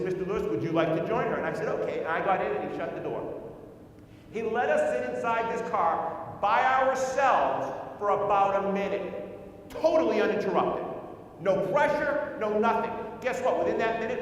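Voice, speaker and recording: At a conference, a male speaker with a high voice gives a sales training talk, telling a story in which he acts out the other people involved and fires rhetorical questions at the audience. He is in a large conference hall, and the recording is echoey, with him far from the mic and a little hiss or hum.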